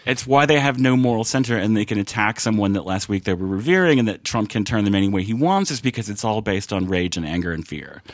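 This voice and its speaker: A man's voice: lowish voice, lively intonation, fast, few pauses, no room sound, clean studio sound. A man appearing as a podcast guest, trading wry, sardonic political remarks. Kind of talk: political talk show banter.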